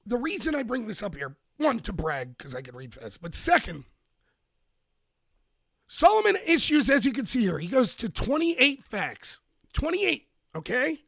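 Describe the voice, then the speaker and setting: A man hosting a live-streamed political commentary show, talking emphatically with bursts of rapid speech and a slightly rough voice. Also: high-pitched, huge pitch swings, a bit bright, no room sound, clean studio sound.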